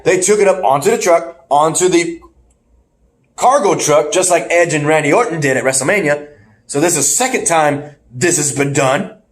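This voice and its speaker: A man co-hosting a casual podcast, rambling through a wrestling match recap with animated play-by-play and the odd laugh. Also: a little high. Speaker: podcast co-host. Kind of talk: casual wrestling review chat.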